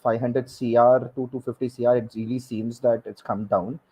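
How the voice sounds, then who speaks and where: A man, speaking as a guest expert on a panel, halting and repeating words with many fillers. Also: medium pitch, level tone, warm tone, slightly rough, low-quality recording. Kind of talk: panel discussion.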